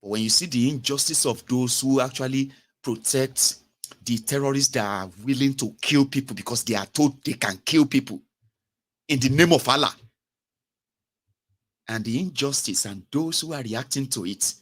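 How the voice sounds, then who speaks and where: A young Nigerian man with a Nigerian English accent and Pidgin, giving a casual, animated commentary monologue as host. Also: mid-range voice, normal speed, pauses often. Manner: animated, mocking, switches to Pidgin and Yoruba.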